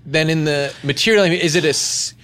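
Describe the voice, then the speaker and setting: A man's voice: a little high, fast, a bit bright. A male podcast host asking questions in a dry, mock-serious tone. He talks casually with an ordinary voice.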